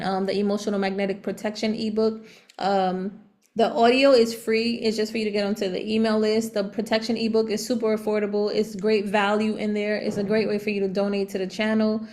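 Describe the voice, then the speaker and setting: A woman giving a casual tarot reading, chatty and animated, laughing often and using relaxed slang. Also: medium pitch. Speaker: tarot reader.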